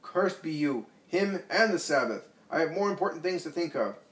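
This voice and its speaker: A man's voice: mid-range voice, steady tone, moderate pace, lightly acted. A man voicing a trembling, greedy old male scribe who stammers and shrieks curses, recorded in an echoey room from a distance. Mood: furious, despairing. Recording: echoey room, distant mic, faint hiss.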